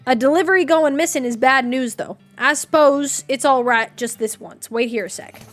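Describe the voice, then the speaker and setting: A woman voicing a postal clerk in a western game, brisk and matter-of-fact. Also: high voice, close to an everyday voice.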